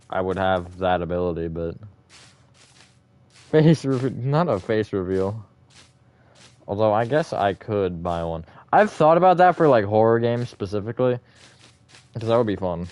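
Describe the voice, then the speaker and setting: A man's voice: fairly low pitch, very animated, measured pace, long pauses, a little mellow, clear, resonant tone. A man hosting a live stream, chatting casually with viewers in a rambling, self-correcting way and laughing often.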